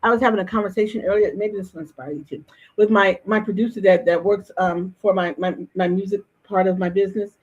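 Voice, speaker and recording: A woman's voice: mid-range voice, fairly even intonation, quick pace, darkish tone, breathy edge. A middle-aged woman hosting an interview, chatting casually and telling stories with frequent restarts. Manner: talkative, with frequent restarts and storytelling. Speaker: host. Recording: dull lo-fi stream audio.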